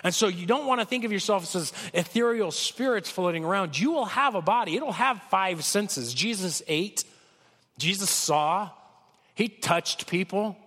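A man preaching a sermon with a cold, talking conversationally and swinging from loud peaks to soft lows. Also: lively intonation, unhurried, in a large hall. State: has a cold. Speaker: pastor.

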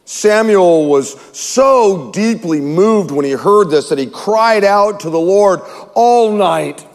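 A pastor preaches a sermon in a church sanctuary, reading scripture aloud and adding wry asides and chuckles. His voice is high-pitched with lively intonation and a slow pace, and the hall lends a long reverb to the recording.

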